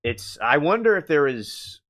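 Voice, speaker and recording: A man hosting a live stream, reacting casually to chat, halting and meandering with many restarts. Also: a little high, very animated, fairly bright tone.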